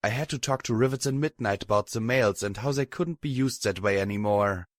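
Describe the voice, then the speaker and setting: A man narrating a fanfiction audiobook in the first person, reading at an even, steady pace. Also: lowish voice, fairly quick, no room sound, clean studio sound. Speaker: audiobook reader.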